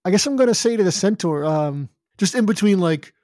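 Playful male player, high-pitched, dry close sound, light music behind. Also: animated, a little fast, a little mellow, no room sound. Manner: playful, rambling, hesitant. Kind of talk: casual tabletop play.

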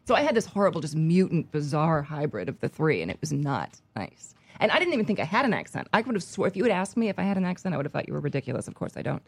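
Low-voiced woman in lively chat. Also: very fast, gravelly, slightly rough. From United States, army family. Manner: animated, laughs often. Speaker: guest. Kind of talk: casual chat.

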